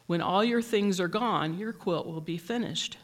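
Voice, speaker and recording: A storybook reader voicing a kind old woman quilt maker who speaks softly and steadily. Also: mid-range voice, moderate pace, natural voice. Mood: gentle.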